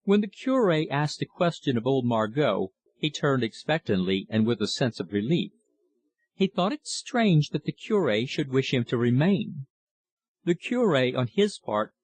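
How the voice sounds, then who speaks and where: Reading a classic novel for an audiobook, this medium-pitched male narrator keeps his delivery steady and measured.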